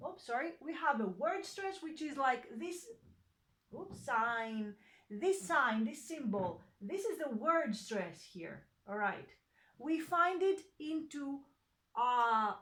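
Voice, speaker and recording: Slow, patient woman teaching a lesson. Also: high-pitched, fairly bright tone. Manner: patient, many fillers and self-corrections. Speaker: language teacher. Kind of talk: slow, hesitant online lesson explanation.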